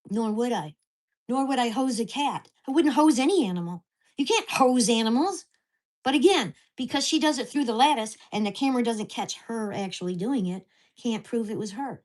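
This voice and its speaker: A woman with a fairly high voice vents to the camera in a casual home vlog. She is blunt and heated, and she swears freely as she tells a long grievance story about her neighbors. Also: animated, a little fast, darkish tone. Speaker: vlogger.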